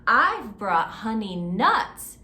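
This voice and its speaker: A woman voicing a friendly, generous badger in a children's picture book, speaking slowly and eagerly. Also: medium pitch, very animated, pushed and bright, echoey room, slight background noise, full character voice.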